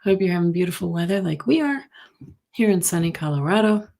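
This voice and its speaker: A woman's voice: on the low side, animated, brisk, gravelly, warm tone. A woman hosting a psychic livestream from home, chatting casually and greeting viewers by name. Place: home in Colorado.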